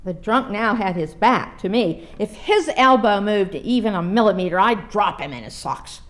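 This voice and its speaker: Female preacher reading a story to her listeners; lively, expressive delivery. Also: mid-range voice, moderate pace. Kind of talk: storytelling read aloud.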